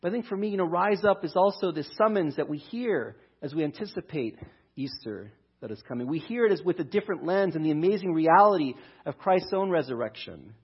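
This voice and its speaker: A pastor preaching a conversational sermon, talking through a scripture passage. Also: male voice, fairly high pitch, animated, brisk, breathy edge, highs cut off. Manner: conversational, restarts, reads scripture aloud.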